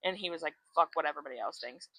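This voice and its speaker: A woman's voice: deep voice, very fast, slightly rough, poor audio. A woman co-hosting a podcast, retelling a book plot in casual chat, acting out the characters' lines and swearing freely. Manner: animated storyteller, acts out quotes, swears freely. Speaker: podcast co-host.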